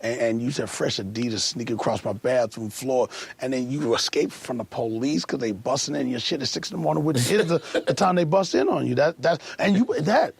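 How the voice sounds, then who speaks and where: A man in an interview, animated, acting out sounds and quotes. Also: fairly high pitch, a little fast, vocal fry, few pauses, slightly rough, no room sound. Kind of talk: casual conversation.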